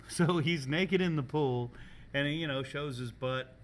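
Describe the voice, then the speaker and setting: A man hosting a casual podcast, telling animated, profane stories and laughing often, recorded in a school culinary kitchen. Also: fairly high pitch, slow, a little hiss or hum. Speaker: podcast host and culinary teacher.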